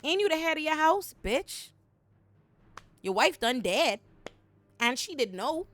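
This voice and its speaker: A woman hosting a comedic episode recap, talking in an animated, slangy, profane way. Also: high-pitched, a little slow. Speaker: show recap host.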